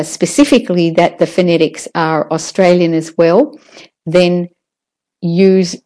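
A woman teaching English word stress in a recorded lesson, patiently modelling each word slowly. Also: lowish voice, dark tone. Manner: slow, patient, drawn-out model words. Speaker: pronunciation teacher.

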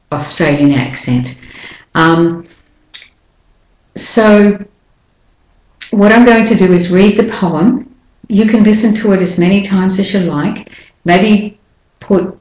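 Slow, low-voiced woman pronunciation teacher. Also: a little mellow. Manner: patient, slows down to model sounds. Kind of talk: explanatory lesson with read-aloud examples. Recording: roomy echo.

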